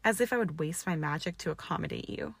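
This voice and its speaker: A woman voicing a clever, defiant young woman with a quick temper, snapping back sharp retorts. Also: deep voice, creaky, husky, dry recording, heavily acted.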